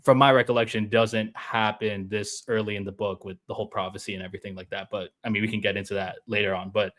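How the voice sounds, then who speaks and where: A man with a somewhat low voice speaks as a guest on a fan discussion. He rambles with excitement from point to point, heard over a video call. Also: fast. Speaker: guest panelist.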